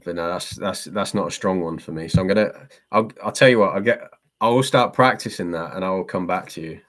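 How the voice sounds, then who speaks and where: A man's voice: low-pitched, fairly quick, fairly bright tone. A man hosting a live stream and answering chat, chatty and self-deprecating, laughing often as he reads the questions.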